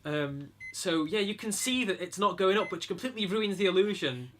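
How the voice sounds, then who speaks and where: Man, casual commentary, slightly high, crisp bright tone. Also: expressive, slight background noise. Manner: quick, chatty, self-deprecating. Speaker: co-host of a commentary video.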